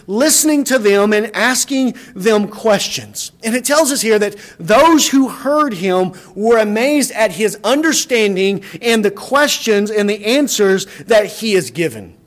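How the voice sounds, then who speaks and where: A man with a high-pitched voice delivers a sermon. He explains earnestly and often doubles back on his words while he builds a point. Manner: earnest, repeats words and restarts phrases. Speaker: preacher.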